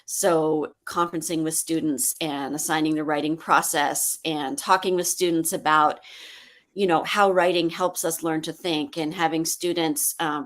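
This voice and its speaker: Lower-voiced woman, measured and thoughtful. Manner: thoughtful, measured, frequent ums. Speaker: panelist. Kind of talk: live webinar panel discussion.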